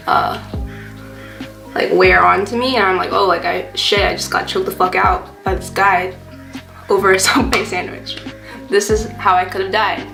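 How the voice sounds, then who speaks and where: A woman's voice: medium pitch, fairly bright tone. A young adult woman vlogger telling a casual storytime while doing her makeup, chatty, full of fillers and swearing freely. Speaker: beauty vlogger. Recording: roomy sound with faint background music.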